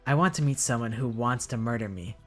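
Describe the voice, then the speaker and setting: A woman's voice: a bass voice, fairly quick. A woman game streamer reading all the dialogue aloud, with wry joking asides. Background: game music.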